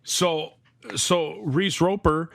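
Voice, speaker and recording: Gravelly-voiced joking male podcast host. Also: on the high side, steady tone, drawn-out words, a bit bright, dry recording, studio quality. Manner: joking, laughs often. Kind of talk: casual chat.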